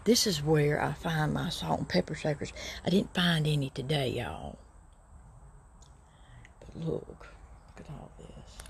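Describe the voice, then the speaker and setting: Gravelly-voiced Southern woman vlogging. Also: low voice, expressive, a little slow, pauses often, slight background noise. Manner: chatty, drawling, addresses viewers as y'all. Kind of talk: casual thrift vlog narration.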